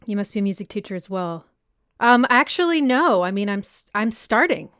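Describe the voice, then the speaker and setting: Young woman, livestream host, chatty and smooth, close dry mic. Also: medium pitch, big pitch swings, moderate pace, fairly bright tone, dry recording. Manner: chatty, reads out viewer comments and answers them. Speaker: music analysis channel host. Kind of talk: casual livestream Q&A chat. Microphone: personal desk mic.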